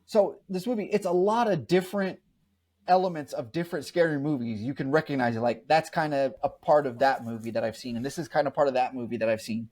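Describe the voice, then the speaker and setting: A man's voice: medium pitch, fast, a little mellow. A man chatting casually on a podcast, reviewing a horror film in a rambling way, often repeating himself and restarting sentences. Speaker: podcast co-host. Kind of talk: casual movie review chat.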